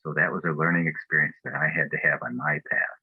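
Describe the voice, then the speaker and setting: A man's voice: very deep voice, steady tone, fast, gravelly, breathy edge, dry recording, narrow, tinny audio. A man giving a personal testimony at a spiritual fellowship, telling his story in an earnest, reflective way.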